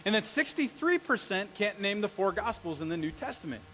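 A middle-aged male pastor preaching a sermon, telling stories and acting out the quotes with lively energy. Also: sits high, brisk, slight background noise, poor audio. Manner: animated storytelling with acted-out quotes.

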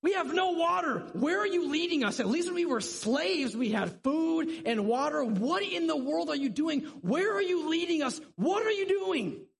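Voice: sits high, animated, normal speed, vocal fry, hardly any pauses, big-room sound, pitched above the performer's own voice. A preacher voicing a crowd of exasperated, thirsty Israelites who complain shrilly to their leader.

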